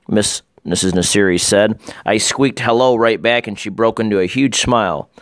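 A man reading a children's book aloud in a calm, gentle storytelling manner. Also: on the low side, normal speed, clear, resonant tone, no echo, studio quality.

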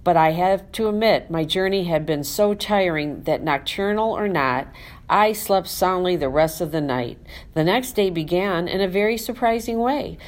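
Lady reading a kids' book aloud, bouncy and expressive, narrating as the class hamster. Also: lowish voice, normal speed. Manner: lively, expressive, animated. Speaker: audiobook narrator. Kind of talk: storybook narration in first person as a classroom hamster.

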